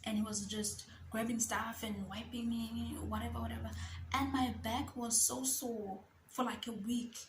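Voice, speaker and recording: Young woman, fairly high voice, telling her own story straight to camera in a roomy space with faint hum. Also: flat delivery, normal speed. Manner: candid, emotional, acts out remembered dialogue. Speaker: vlogger.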